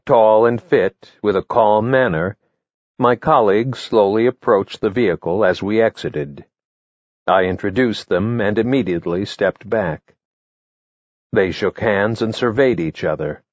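A man narrating his memoir in a measured, matter-of-fact way, reading from a script. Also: lowish voice, darkish tone, dry recording, highs cut off. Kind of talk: first-person memoir narration, read from a script.

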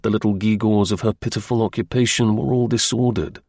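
A man reads a novel aloud with a measured, unhurried delivery. His voice sits low. The sound is dry and close, with no room around it. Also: steady tone, a little mellow, no echo. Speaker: narrator. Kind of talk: scripted audiobook narration.

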